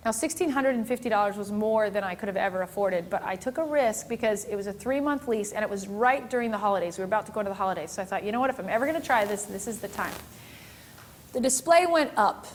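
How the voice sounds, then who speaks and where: A woman photographer giving a talk, telling a story with lively acted-out dialogue and frequent laughter. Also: mid-range voice, fast talker, a little hiss or hum. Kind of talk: storytelling presentation to an audience.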